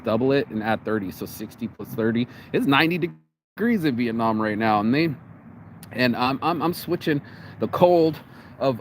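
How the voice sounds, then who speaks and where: An American man talks straight into a phone camera outside on a cold day, rambling and swearing freely. He restarts and repeats his words often, in a voice of middling pitch. Faint street noise sits behind him. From United States. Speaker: vlogger. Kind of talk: casual vlog monologue.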